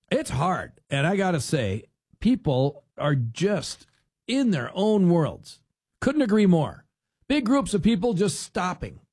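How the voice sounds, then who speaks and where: A man's voice: a little high, no room sound. Chatty man with a dry close voice. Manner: animated storyteller who acts out quotes; rambling with restarts. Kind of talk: casual chatty monologue.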